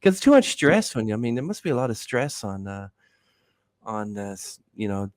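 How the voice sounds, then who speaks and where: A man's voice: lowish voice, very animated, moderate pace, dry recording. A man hosting a podcast interview, asking rambling questions and joking around. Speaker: podcast host. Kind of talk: interview chat.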